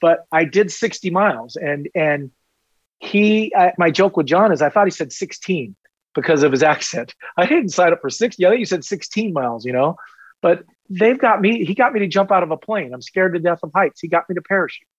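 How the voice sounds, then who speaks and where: A man's voice: sits high, animated, a little fast, husky, no room sound, highs cut off. A man in his fifties, a retired police officer, telling stories in a casual podcast interview with rambling energy and self-deprecating humor.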